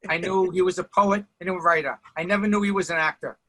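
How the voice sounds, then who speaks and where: A man's voice: high-pitched, fairly even intonation, fast, pushed and bright, low-quality recording. A man, a comedian hosting, chatting casually and teasing his guest with mock indignation. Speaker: comedian host. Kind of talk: casual interview chat.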